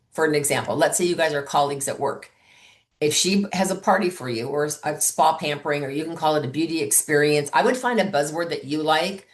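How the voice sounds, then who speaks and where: A woman coaching her sales team in an upbeat way, acting out sample calls and texts as she goes. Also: deep voice. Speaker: sales trainer.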